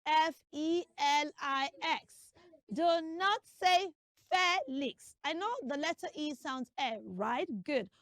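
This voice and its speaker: A woman's voice: high-pitched, slow pace, fairly bright tone, no echo. A woman playing a comic pronunciation teacher, emphatically drilling a class and spelling out names letter by letter. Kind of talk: comic classroom lesson skit.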